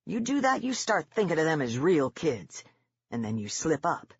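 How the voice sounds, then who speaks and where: Harsh sarcastic sergeant voiced by the narrator, low and husky, dull lo-fi sound. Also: big pitch swings, normal speed, no room sound, heavily acted. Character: gruff, sarcastic male army sergeant.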